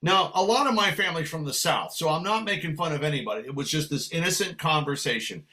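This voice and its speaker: A man from San Francisco, a guest musician telling a long story in a lively, animated way. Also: fairly high pitch, fast. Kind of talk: casual storytelling.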